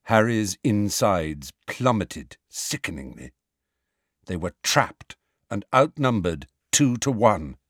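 Slow, lively-voiced male narrator. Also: on the low side, no echo, studio quality. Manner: measured, dramatic reading. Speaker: audiobook narrator. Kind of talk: scripted narration.

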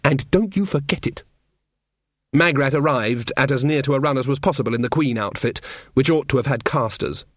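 Man reading a story out loud, wry and lively, dry close mic. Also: mid-range voice, fairly quick, no echo. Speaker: audiobook narrator. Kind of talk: scripted narration.

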